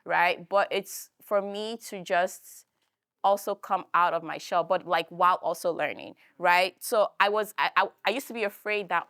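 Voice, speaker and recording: A young woman with a Philadelphia accent telling a personal story in a talk, animated and full of fillers, acting out the voices she quotes. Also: lowish voice, normal speed, smooth, dry recording. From United States. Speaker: guest speaker.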